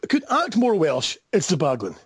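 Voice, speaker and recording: A man's voice: high-pitched, huge pitch swings, moderate pace, slightly rough, no room sound. Teasing Scottish man calling in. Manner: teasing, mock-outraged, laughs often. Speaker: caller. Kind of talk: comedic call-in banter. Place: phone call into a podcast. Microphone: mobile phone.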